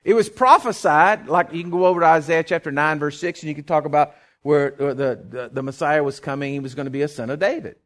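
A male pastor preaching a sermon, animated, with loud bursts, folksy joking asides and call-and-response questions to the congregation. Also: on the high side, fast.

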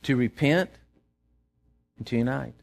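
A man's voice: mid-range voice, measured pace, creaky. A man, a pastor preaching a sermon in a conversational way, retelling scripture and often restarting his sentences. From Texas.

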